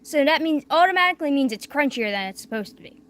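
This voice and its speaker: This young woman's voice sits high and sounds expressive as she talks fast in a casual late-night livestream chat. Recovering from wisdom teeth surgery, she barely opens her mouth. Her talk wanders, is packed with fillers, and trails off quietly.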